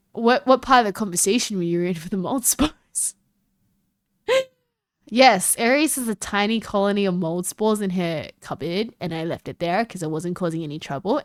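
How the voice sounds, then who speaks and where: Her slightly bright voice comes through a dry, studio-quality recording. Speaking in an Australian accent, she giggles and rambles through relaxed conversation with live stream viewers, her pitch leaping widely.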